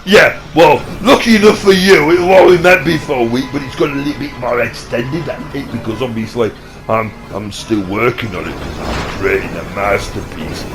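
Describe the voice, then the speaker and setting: A young man with a Yorkshire accent bickering and joking through improvised comedy banter, often shouting and squabbling. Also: mid-range voice, normal speed, over music, low-quality recording. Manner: rowdy, squabbling, swears mildly. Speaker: channel host.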